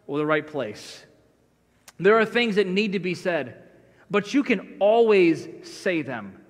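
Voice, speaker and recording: Male pastor, middle-aged, high pitch, chatty self-deprecating sermon, church reverb. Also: fairly bright tone. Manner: conversational, self-deprecating storytelling. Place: church sanctuary. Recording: long church hall reverb.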